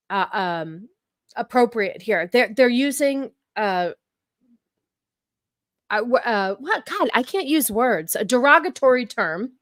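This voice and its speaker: Woman host reacting to chat on a stream, slightly high, dry close recording. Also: sharp tone, dry recording. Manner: talks back to chat, many fillers and repeats. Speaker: livestream host. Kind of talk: casual livestream commentary.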